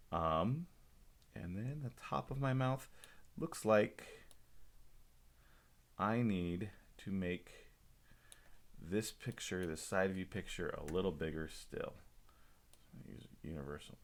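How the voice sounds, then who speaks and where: A low-voiced man teaches a screen-recorded software demo lesson. He talks to himself as he works, dropping relaxed asides and small jokes.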